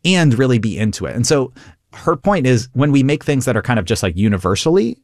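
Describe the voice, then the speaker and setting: A comedian man talks with a very lively, bouncing pitch, laughing easily and acting out what people might say. His voice is close and dry, with no room sound at all. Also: brisk, no echo. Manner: animated, laughing, acts out quoted lines. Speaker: comedian guest. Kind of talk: conversational interview.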